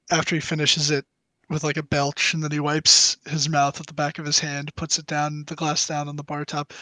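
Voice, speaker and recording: A man's voice: a little high, sharp tone, no echo, low-quality recording. A young man narrating as game master, rambling with many fillers.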